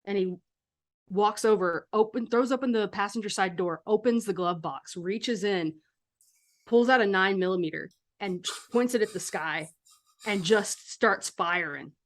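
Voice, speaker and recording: A woman's voice: mid-range voice, measured pace. A woman narrating a horror tabletop game as game master, setting scenes like a film in a casual way.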